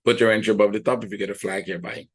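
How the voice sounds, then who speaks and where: A man's voice: fairly low pitch, steady tone, very fast, slightly rough. A man teaching a trading lesson, walking through charts in a conversational, think-aloud way and often checking in with "right?". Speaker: trading educator. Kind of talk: chart walkthrough.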